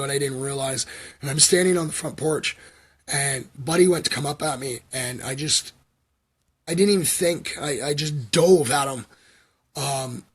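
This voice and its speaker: A man's voice: on the high side, a bit bright, husky. A Canadian man telling a long personal story on a livestream, talking loosely with lots of ums and likes. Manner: filler-heavy, meandering, frequent ums and likes. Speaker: livestream host.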